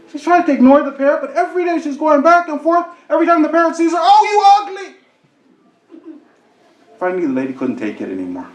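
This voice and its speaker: A man giving a sermon to a congregation, quoting verses and telling a funny story with acted-out voices. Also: high voice. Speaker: sheikh giving a talk. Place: mosque hall with an audience. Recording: echoey hall.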